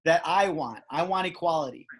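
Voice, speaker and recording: A man's voice: a little high, a little fast, slightly rough. A man hosting a casual podcast chat, rambling and emphatic with many restarts. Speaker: podcast host. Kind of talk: casual conversation.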